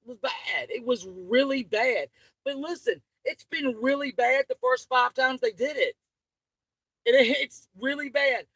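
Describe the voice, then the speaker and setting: A woman's voice: high voice, unhurried, a bit bright, husky, dry recording, poor audio. A woman, hosting her channel with an angry, profane, rambling livestream rant. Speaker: channel host.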